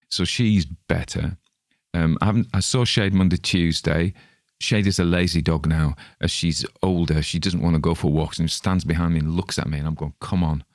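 A man's voice: rumbling low, a little mellow, dry recording, clean studio sound. A middle-aged man hosting his own show, chatting casually and rambling from one topic to the next. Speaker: podcast host. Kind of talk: casual chat.

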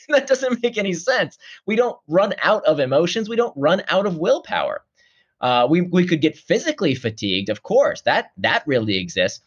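A man being interviewed as an author, explaining ideas with animated acted-out asides. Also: high-pitched, normal speed, breathy edge, lo-fi sound. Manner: animated, acts out quoted feelings in a raised voice. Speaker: author guest.

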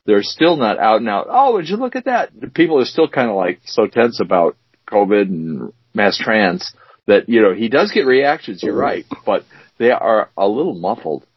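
Husky man rambling as a podcast co-host. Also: fairly low pitch, sing-song, moderate pace, no echo. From United States. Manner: rambling, with many fillers and restarts. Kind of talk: casual chat. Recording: dry, dull lo-fi sound.

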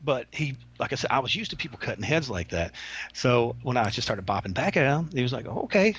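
A man's voice: mid-range voice, animated, fast, a bit bright, husky. A man, a former prison officer, telling stories as an interview guest in a rambling way, repeating words, on a dull lo-fi recording. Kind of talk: casual interview storytelling. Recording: dull lo-fi sound.

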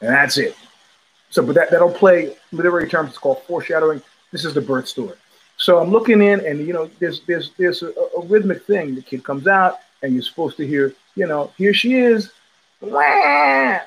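Animated, profane male podcast host. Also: a little high, fairly quick, breathy edge, rough recording. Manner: animated, profane, acts out quoted voices. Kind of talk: casual storytelling monologue. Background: child heard in the background.

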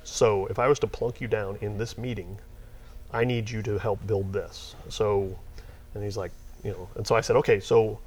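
A middle-aged man, a software company owner telling stories in a casual interview, rambling and getting worked up as he goes. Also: fairly low pitch, moderate pace, husky. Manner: rambling, animated, gets worked up retelling.

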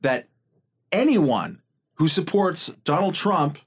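Profane animated podcast co-host man. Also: a little high, takes it slowly, breathy edge. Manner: animated, profane, rambling with fillers. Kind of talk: casual political podcast chat.

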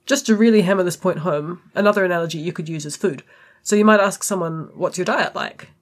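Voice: mid-range voice, fast. A podcast co-host with a New Zealand accent, explaining points in a casual, matter-of-fact way. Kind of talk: casual discussion.

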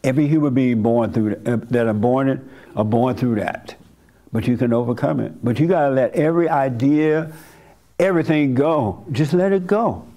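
Older male pastor with a gravelly voice, mid-pitched, preaching with acted-out quotes. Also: normal speed, warm tone. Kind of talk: sermon.

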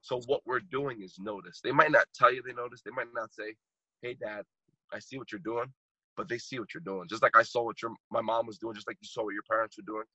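A man's voice: mid-range voice, steady tone, fast, few pauses, pushed and bright, slightly rough, no echo, highs cut off. A man in his thirties, a podcast guest and motivational speaker, telling a heartfelt story with emphatic repetition while choked up. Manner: emphatic, repeats phrases for impact.

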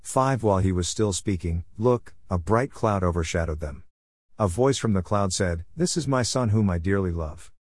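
Low-voiced man reading scripture, dry. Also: lively intonation, darkish tone, no echo. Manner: measured reading that announces each verse number. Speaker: Bible reader.

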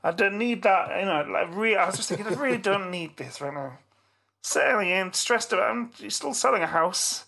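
A middle-aged man on a podcast, telling a story in casual chat with animated, swearing delivery. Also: sits high, brisk, gravelly. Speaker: podcast co-host.

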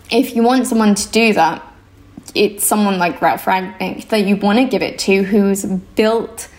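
A woman's voice: mid-range voice, a little mellow. A young woman, a football analyst guest, talking casually in an interview, thoughtful and hesitant with frequent ums. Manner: thoughtful, many ums, laughs easily.

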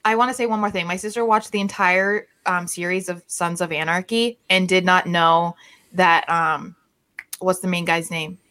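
A woman's voice: fairly low pitch, steady tone, normal speed, sharp tone. A woman co-hosting a casual live sports podcast, chatty and giggling often. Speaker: podcast co-host. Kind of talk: casual live-stream chat.

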